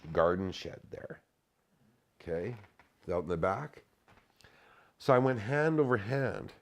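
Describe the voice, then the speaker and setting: A middle-aged man with a somewhat low voice tells a story casually. He swears freely and acts out the dialogue in a raised, animated voice.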